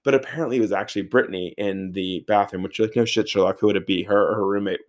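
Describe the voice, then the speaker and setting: A man in his thirties telling a casual, animated story, swearing freely and saying "like" a lot. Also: lowish voice, fast talker. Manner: animated, profane, filler-heavy with frequent "like".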